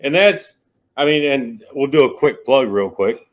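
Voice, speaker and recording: A man's voice: mid-range voice, animated, unhurried. A man hosting an interview, casually plugging his guest's business. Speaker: host. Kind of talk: interview host.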